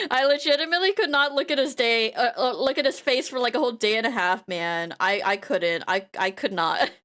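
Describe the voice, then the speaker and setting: A woman VTuber streamer in casual chat, telling rambling, animated stories with frequent laughter and repeated phrases. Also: fairly high pitch, moderate pace.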